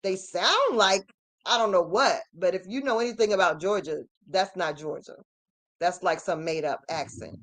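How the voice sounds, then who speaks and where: A woman giving an emphatic, repetitive ranting commentary as host of her channel, at times rising to shouts. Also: fairly low pitch, moderate pace.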